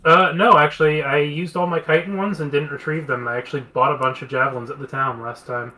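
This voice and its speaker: A man playing a tabletop game, calmly talking through what his character can do. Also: fairly high pitch, background noise. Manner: measured, explaining his options. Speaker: player. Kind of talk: casual tabletop play.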